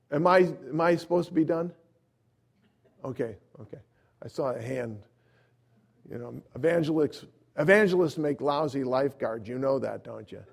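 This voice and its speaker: A man preaching a sermon as an evangelist, telling a personal story, acting out quotes and swinging between loud emphasis and quiet asides. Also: mid-range voice, gravelly.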